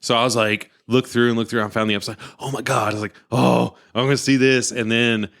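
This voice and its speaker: A man's voice: mid-range voice, fast. A man in his thirties, a podcast co-host telling a story in casual chat and acting out the quotes. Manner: animated storyteller, acts out quotes.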